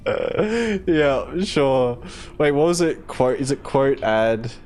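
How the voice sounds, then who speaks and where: A man's voice: medium pitch, sing-song, slow pace, a little mellow. A man with an Australian accent chatting casually while streaming a game, playful and laughing often as he talks with viewers.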